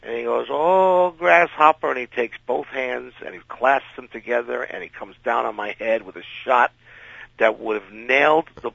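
A man telling an anecdote as a radio interview guest, animated and acting out the people in his story. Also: medium pitch, moderate pace, vocal fry, no echo. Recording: dull lo-fi radio recording.

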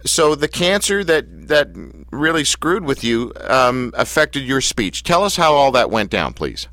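A man hosting a radio interview, joking and self-deprecating, with halting fillers. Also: medium pitch, sing-song, fairly bright tone, no echo. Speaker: radio show host.

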